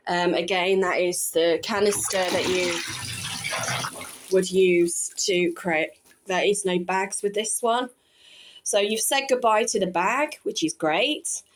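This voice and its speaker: A woman's voice: mid-range voice, slight background noise. A woman, chatting casually through a home cleaning vlog, correcting herself and adding wry asides. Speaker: vlogger. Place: home bathroom.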